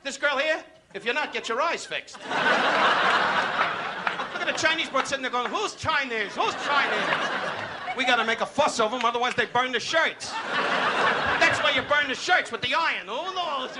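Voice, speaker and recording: A man's voice: extremely high pitch, a little fast, long pauses, very noisy. A male stand-up comedian, needling the audience in a brash insult comedy set. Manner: brash, needling crowd work with put-on voices. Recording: archival club recording with loud crowd laughter. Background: loud audience laughter.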